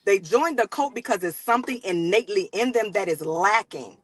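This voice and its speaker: A woman's voice: medium pitch, expressive, fairly quick, dry recording. A woman in her fifties hosting a casual panel discussion, explaining her points firmly and often agreeing with "exactly.". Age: 50s. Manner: emphatic, repeats "exactly", lectures. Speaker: panel host.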